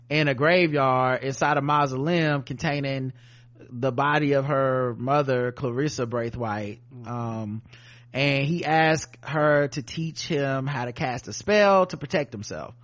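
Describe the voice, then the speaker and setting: A man's voice: medium pitch, a bit bright. Laid-back, profane male podcast co-host. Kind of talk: casual chat recapping a TV episode.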